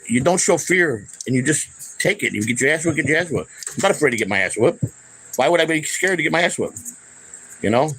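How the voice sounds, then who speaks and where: A slightly high, fairly bright male voice comes through a rough recording. He's an older man hosting his own channel, heatedly ranting to camera without a script, cursing a lot, confrontational, repeating himself and trailing off into restarts.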